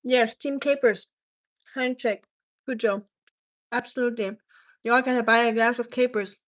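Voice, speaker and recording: A woman's voice: a little high, fairly even intonation, moderate pace. A woman from Germany with a German accent, chatting casually on a cooking live stream and reading viewer comments aloud.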